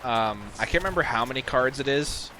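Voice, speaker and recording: A man's voice: mid-range voice, expressive, fairly quick, sharp tone. A young man in casual chat while gaming, rambling with lots of fillers and restarts. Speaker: podcast co-host and gamer. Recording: game sound noise behind. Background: video game gunfire.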